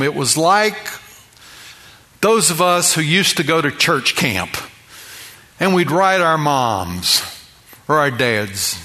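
A man's voice: fairly high pitch, sing-song, slow pace, pauses often, bright, forceful tone. A middle-aged man preaching a sermon as pastor, emphatic and building his points through repeated phrases.

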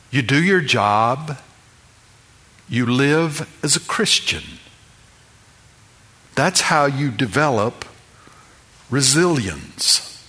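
Slow, bright-voiced preacher man. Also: a little high. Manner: emphatic, builds with repeated phrases. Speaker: pastor. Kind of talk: sermon.

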